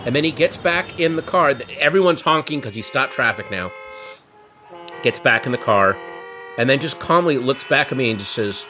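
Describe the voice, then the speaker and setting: A man spins a comic anecdote with wry, animated delivery. His voice sits in a middle register. Guitar music plays clearly underneath. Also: medium pitch, normal speed. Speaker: storyteller. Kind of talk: comedic storytelling.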